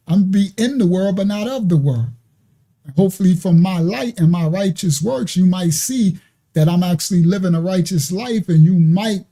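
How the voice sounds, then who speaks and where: A man hosting a ministry stream, preaching casually in animated slang and laughing often. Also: sits high. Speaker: ministry host.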